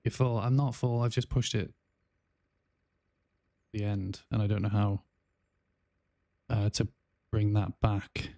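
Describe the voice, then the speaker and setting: A low-voiced man with a South Welsh accent, talking casually while he plays a game on stream. His delivery stays flat and even, with many ums and restarted sentences. The sound is dry and close, and his tone is mellow. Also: unhurried, vocal fry, long pauses, no echo. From South Wales. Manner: chatty, rambling, with frequent fillers and restarts. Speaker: gaming streamer. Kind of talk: casual livestream chat while gaming.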